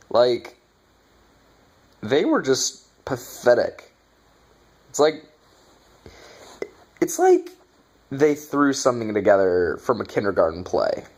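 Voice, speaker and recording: Slow, exasperated man ranting. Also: medium pitch. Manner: exasperated, swearing, sarcastic. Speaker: movie reviewer. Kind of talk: casual ranting review.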